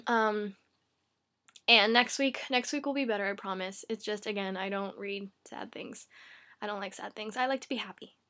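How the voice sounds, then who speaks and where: A woman's voice: mid-range voice, normal speed, bright, forceful tone. A woman book vlogger talking casually to camera from her bedroom, rambling and chatty, with lots of "like" and "um".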